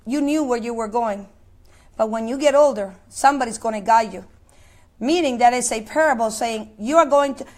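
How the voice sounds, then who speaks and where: A woman preaching a sermon, impassioned, with many repetitions and quoted scripture. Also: sits high. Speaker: pastor.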